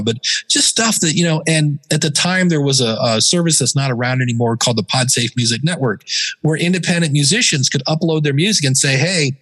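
A man as a podcast guest, telling stories in a casual, animated way and sometimes mimicking other voices. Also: medium pitch. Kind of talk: casual interview talk.

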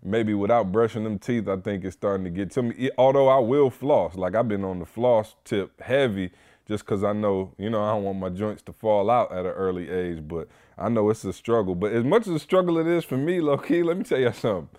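A young man hosting a podcast, chatting casually and telling animated stories, jumping to high-pitched voices when he imitates people. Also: a little fast. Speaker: podcast host. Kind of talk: casual chat.

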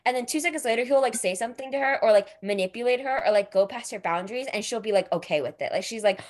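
A woman's voice: a little high, fast talker. Young woman chatting, \"like\" in every phrase. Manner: says "like" constantly, animated retellings. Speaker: book discussion co-host. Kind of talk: casual chat.

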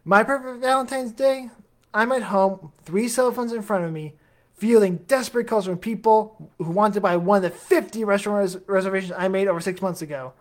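A man's voice: sits high, a little fast, close to an everyday voice. A man quoting a fussy, scheming office salesman, reading the lines in a barely changed, slightly raised voice. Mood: smug.

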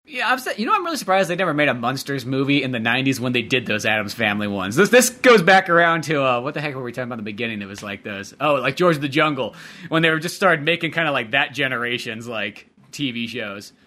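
A man's voice: mid-range voice, sing-song, fast talker, bright, forceful tone. A man co-hosting a podcast in casual chat, hedging and rambling with many fillers. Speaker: podcast co-host.

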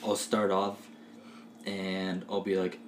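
A man co-hosting a podcast in casual chat, playful and quick to slip into little character voices. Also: low voice, completely flat delivery, slight background noise. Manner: chatty, laughing, quick to act out little quoted voices. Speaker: podcast co-host and game master. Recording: roomy echoey room.

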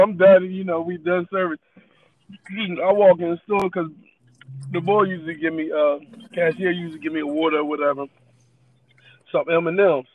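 A man with a high voice tells a rambling story in casual chat, laughing as he goes. His loose, easy delivery comes through a tinny, phone-like line. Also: no room sound. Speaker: podcast co-host.

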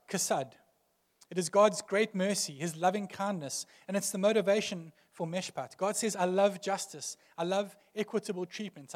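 A man's voice: high voice, long reverb tail. A male pastor preaching a sermon earnestly, building emphasis through repeated phrases.

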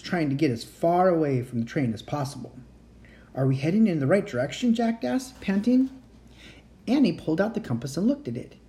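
Expressive, mellow-voiced storybook reader. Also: mid-range voice. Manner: expressive, with occasional slips. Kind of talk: reading a children's book aloud.

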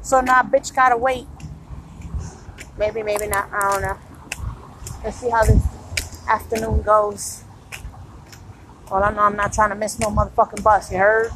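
A woman's voice: medium pitch, level tone, moderate pace, long pauses, fairly bright tone, slight background noise, poor audio. A tired woman in pain, venting bluntly and profanely about customers at her retail job in a casual podcast monologue.

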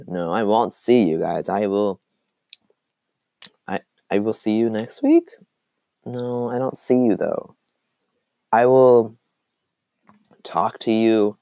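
A young man chats alone on his podcast in a slow, rambling, self-deprecating way. His lowish voice is phlegmy and worn from coughing. The sound is dry and close, with no room around it. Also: dark tone, clear, resonant tone, no room sound. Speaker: podcast host. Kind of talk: casual solo podcast chat.

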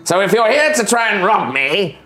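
A man's voice: high-pitched, very animated, normal speed, bright, forceful tone, roomy sound, pitched above the performer's own voice, heavily acted. A man voicing a grumpy, battle-scarred old male goblin soldier who insults everyone around him. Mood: suspicious. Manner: sneering, insulting and impatient.

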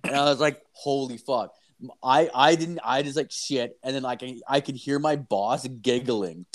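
A man's voice: medium pitch, normal speed, a little hiss or hum. A young man with an ordinary mid-range voice rambles through a crude anecdote. He swears constantly and stacks fillers as he goes. The tone is loose, casual storytelling between friends. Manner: profane, rambling, animated storyteller.

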